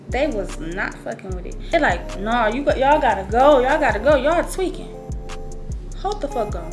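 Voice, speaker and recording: A woman's voice: sits high, sing-song, normal speed, soft background music. A woman vlogger telling a personal story in casual storytime style, full of profanity and slang, acting out quoted lines in a raised voice.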